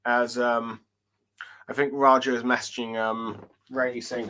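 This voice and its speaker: Male manga reviewer, mid-pitched, halting and casual, lots of "um"s. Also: little pitch movement, sharp tone, a little hiss or hum. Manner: hesitant, many fillers and restarts while reading along. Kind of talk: casual solo chapter review.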